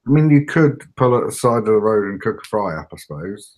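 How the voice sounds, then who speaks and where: A man's voice: lowish voice, sing-song, brisk, darkish tone. A British man co-hosting a casual podcast, dry and teasing. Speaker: podcast co-host. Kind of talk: casual chat.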